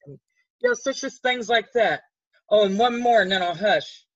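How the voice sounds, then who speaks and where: A woman's voice: medium pitch, moderate pace, no echo, dull audio. An older woman telling stories in a chatty, rambling way with many restarts, her voice lifting when she quotes others. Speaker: guest. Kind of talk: casual storytelling.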